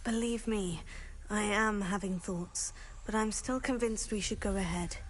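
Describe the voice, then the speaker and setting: A woman's voice: mid-range voice, a little slow, a little hiss or hum, natural voice. A woman voicing a determined young witch. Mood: resolute. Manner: earnest and persuasive. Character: determined young female wizard student. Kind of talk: video game dialogue.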